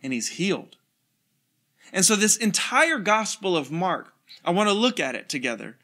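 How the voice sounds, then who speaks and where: A man preaching an online sermon and reading scripture, energetic and casual, with slangy asides and chuckles. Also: sits high, normal speed. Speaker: pastor.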